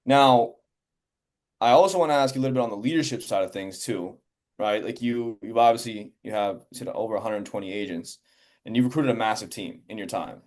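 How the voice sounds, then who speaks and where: A man's voice: fairly low pitch, fairly quick, darkish tone. A man hosting an interview in a casual, loose way, filling his questions with "like," "you know" and "man.". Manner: casual, filler-heavy, says "man" and "like" a lot. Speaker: podcast host. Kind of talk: interview conversation.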